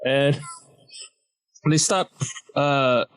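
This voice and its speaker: On a podcast, a young Malaysian comedian guest tells a story with animated energy, acting out the voices of the doctors and nurses in it. His medium-pitched voice is clean in tone and he draws out his words, though the recording itself is rough.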